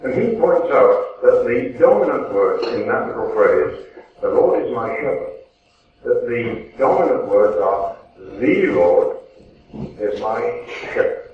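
A man giving an earnest, measured Bible talk to a congregation, repeating words for emphasis. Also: medium pitch, very animated. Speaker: lay preacher. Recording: distant, echoey, phone-like, faint hiss.

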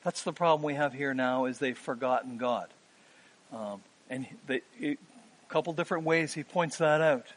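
A man in his fifties preaching a sermon, earnest, pausing with "um" and rising for emphasis. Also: medium pitch.

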